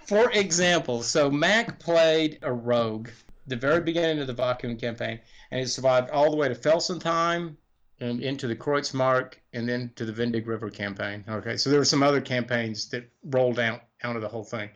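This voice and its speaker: A man's voice: medium pitch, moderate pace. A middle-aged man, a game designer guest, chatting casually on a podcast, rambling through stories with chuckles and restarted sentences.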